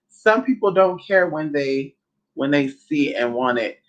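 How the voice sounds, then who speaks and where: A woman hosts a loose, casual chat and keeps the tone sassy and blunt. Her pitch leaps up and down as she talks. She slips into other people's voices whenever she quotes them. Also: animated, measured pace, highs cut off. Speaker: host.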